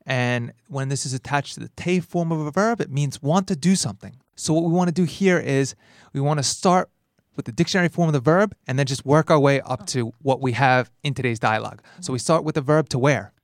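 A man hosts a language lesson, walking through grammar step by step. He is lively and quick to laugh, and he acts out the dialogue lines with relish. His voice sits in a middle range and is recorded dry and close. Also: medium pitch, dry recording. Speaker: language teacher and host. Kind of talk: explaining grammar in a lesson podcast.

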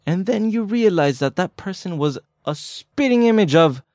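A man's voice: high-pitched, animated, normal speed, a little mellow, dry recording, studio quality. Chatty man co-hosting a language lesson. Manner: chatty, joking, explains with examples. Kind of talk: casual podcast lesson.

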